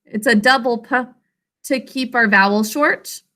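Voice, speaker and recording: Woman teacher, clear bright tone, unhurried, spelling words out syllable by syllable for a young class online. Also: fairly high pitch. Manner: slow, deliberate, sounds out syllables. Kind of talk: teaching a spelling lesson to children.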